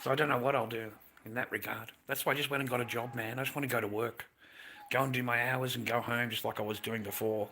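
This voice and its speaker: A man's voice: medium pitch, steady tone, fast, pushed and bright. A middle-aged man, chatting casually to his livestream audience in a blunt, profane, rambling way with frequent laughs. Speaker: livestream host.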